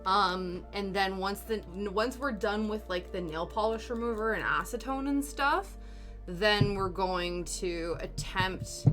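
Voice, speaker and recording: A young woman from Canada chatting casually on a livestream while doing her nails, rambling with lots of ums and laughs. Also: mid-range voice. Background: soft background music.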